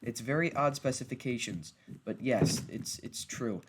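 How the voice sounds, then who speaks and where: A man giving casual gameplay narration as a video creator, rambling and halting and often restarting his sentences. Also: medium pitch, background noise.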